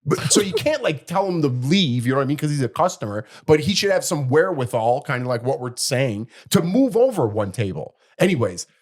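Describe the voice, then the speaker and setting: Animated man telling a story. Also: medium pitch, brisk, few pauses. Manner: animated storyteller, acts out quoted people. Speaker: podcast co-host. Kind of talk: casual storytelling chat.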